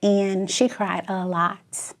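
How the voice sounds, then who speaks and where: A woman with a Chicago accent, a guest telling an emotional personal story, expressive and tearful at times. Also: medium pitch, slow. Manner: expressive storyteller, laughs and tears up.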